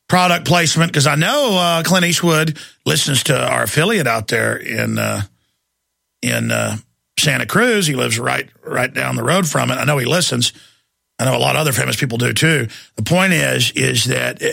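A man's voice: fairly high pitch, moderate pace, creaky, sharp tone, dry recording. A man hosting a talk radio show, ranting in an indignant, sarcastic monologue from a studio.

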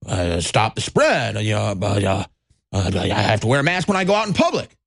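A man putting on a low, hesitant voice to mock a flustered masked man who stammers with uhs. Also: very animated, fairly quick, vocal fry, a bit bright, no room sound, studio quality, heavily acted.

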